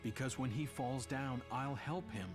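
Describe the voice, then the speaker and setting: An actor playing an earnest, gentle young man in a dubbed game cutscene. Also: mid-range voice, a little slow, lightly acted. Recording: game audio with music.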